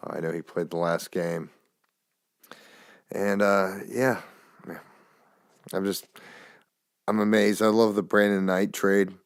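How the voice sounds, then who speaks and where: A man's voice: low-pitched, fairly even intonation, slow, long pauses, clean tone, dry recording, studio quality. A man hosting a podcast, rambling loosely through a casual monologue and swearing now and then, recorded on a phone. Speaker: podcast host. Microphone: phone camera.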